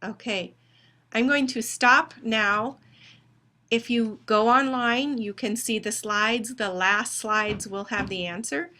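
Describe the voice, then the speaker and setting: Woman instructor, recorded lecture: slow, deliberate delivery with a bright, crisp tone, dictating words one at a time. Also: fairly high pitch, steady tone. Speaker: phonetics instructor.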